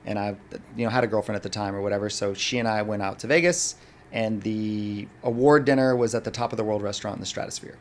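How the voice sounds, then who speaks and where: A man, a restaurant owner and former bartender, telling an animated story as a podcast guest and acting out the dialogue. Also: on the low side, fast, slight background noise. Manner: animated, acts out the dialogue of people in his story. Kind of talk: casual storytelling in a podcast interview.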